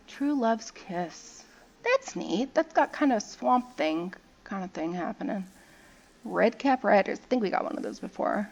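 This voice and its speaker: A young woman with a medium-pitched, creaky voice hosts a gaming video, casually commenting as she opens card packs. Chatty and playful, she reads the card text aloud and jokes about the artwork.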